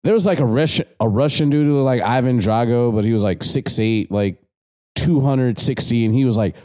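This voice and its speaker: A man's voice: mid-range voice, a little fast, darkish tone. A man on a podcast talking in a rambling, laid-back way, swearing casually. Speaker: podcast co-host.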